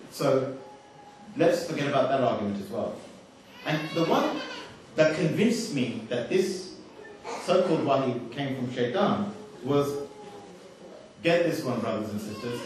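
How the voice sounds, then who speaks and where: A man's voice: mid-range voice, animated, moderate pace, long pauses. A man giving a talk to an audience, chatty and wry, often putting questions to the crowd. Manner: conversational, asks the audience questions, wry humour. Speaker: speaker giving a religious talk. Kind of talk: lecture to an audience. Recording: echoey hall, voice from far off the mic.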